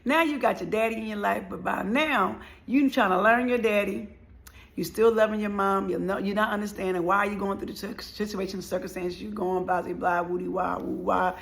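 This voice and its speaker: A middle-aged woman from tells her own life story as a motivational speaker, and her voice has a gravelly, creaky edge. She talks with a lot of feeling and acts out the people she quotes along the way. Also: medium pitch, steady tone, fairly quick. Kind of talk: personal storytelling monologue.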